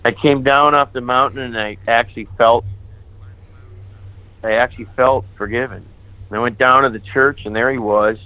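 A male priest telling his personal testimony, candid and animated, acting out the dialogue he remembers. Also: mid-range voice, normal speed, pauses often, no echo. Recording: tinny phone-like sound.

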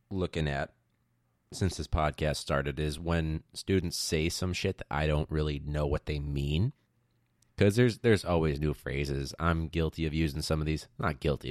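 A man's voice: very deep voice, darkish tone, dry recording, studio quality. A male teacher hosting his own podcast, rambling wryly in casual chat with slang and the odd swear word.

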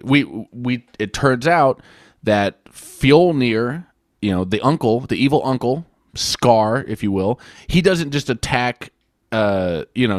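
A man hosting a casual podcast about films, talking in an animated way and swearing as he retells a plot. His voice sits at an ordinary middle pitch. The recording is dry, with no room sound. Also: dry recording. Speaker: podcast host. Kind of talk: casual film review chat.

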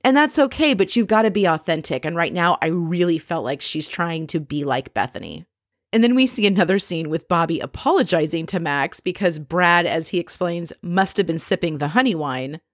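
A woman's voice: fairly low pitch, lively intonation, normal speed, no echo, studio quality. A woman recapping a reality TV episode in a chatty, opinionated and snarky way. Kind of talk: casual recap commentary.

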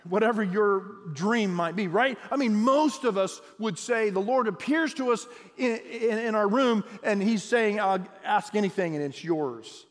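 A male pastor preaches in a notably high voice, speaking in an animated, chatty way with repeated restarts and light jokes. His sermon rings with a long reverb, as in a large hall. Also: unhurried, hardly any pauses.

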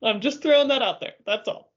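A woman's voice: fairly high pitch, normal speed, breathy edge, lo-fi sound. A woman co-hosting a podcast in casual chat, wry and teasing, laughing often. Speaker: podcast co-host.

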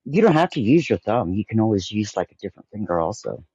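A laid-back man with a dark, husky voice chats in a group call. His mic sounds muffled and dry, with no room sound. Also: lowish voice, very animated, fast, no room sound. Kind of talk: casual group voice chat.

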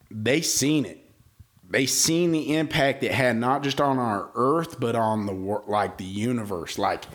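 A man co-hosting a casual podcast, unhurriedly spinning theories in easygoing, slangy talk. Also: mid-range voice. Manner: drawn-out, speculative storytelling with Southern slang. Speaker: podcast co-host. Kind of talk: casual chat.

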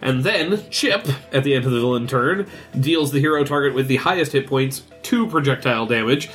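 A man's voice: medium pitch, animated, a little fast, a bit bright, faint music behind. A man running a tabletop card game, narrating the action cinematically and laughing often. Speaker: game master.

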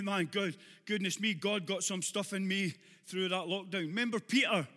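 A man with a Glaswegian accent preaching a sermon to a congregation, with humorous asides that build to shouted exhortation. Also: high voice, normal speed, in a large hall. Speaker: pastor.

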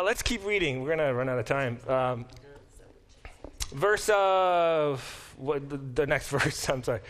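A male professor lectures in a classroom, his somewhat high voice jumping up and dropping back down as he explains. He talks in an animated, self-deprecating way, with restarts and quick asides. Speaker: professor teaching a Bible class.

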